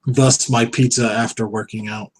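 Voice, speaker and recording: A man from the New Jersey shore co-hosting a casual live-stream chat, mumbling and sounding gruff. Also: mid-range voice, little pitch movement, normal speed. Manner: mumbling, says he sounds angry. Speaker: co-host.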